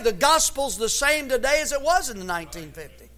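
A man preaching a sermon as pastor, building to loud emphatic runs and often repeating words as he searches for the next phrase. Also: high voice, lively intonation, fast talker.

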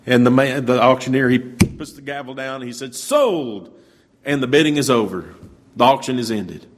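A man's voice: mid-range voice, steady tone, a little fast. A man preaching, telling a story in a plain, folksy way. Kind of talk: sermon storytelling.

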